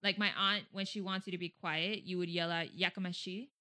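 A co-host chatting casually on a podcast, chiming in with quick, jokey remarks. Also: mid-range voice, level tone, pushed and bright. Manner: quick interjections, jokey, laughs easily. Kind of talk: casual chat.

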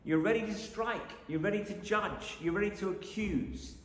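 A man preaching a sermon, dramatic, swinging from loud exclamations to hushed lines. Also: sits high, normal speed. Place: church. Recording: echoey church hall.

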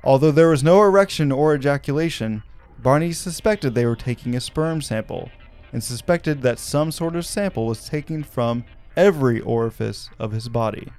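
A man's voice: medium pitch, lively intonation, normal speed, darkish tone, clear, resonant tone, faint music behind. A man from Arkansas who hosts a podcast, telling a story with wry asides and laughing at his own jokes. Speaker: podcast host.

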